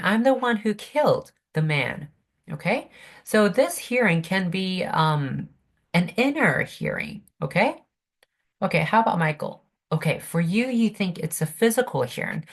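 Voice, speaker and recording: Slow, patient woman teaching online. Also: lowish voice. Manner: slow, patient, checks in with students. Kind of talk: online literature class. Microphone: computer mic on video call.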